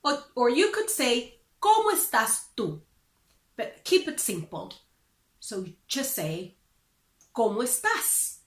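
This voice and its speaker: Upbeat woman language teacher, very animated and unhurried, in a roomy space. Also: on the high side. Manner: upbeat, careful, explains slowly. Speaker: Spanish teacher. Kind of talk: beginner language lesson.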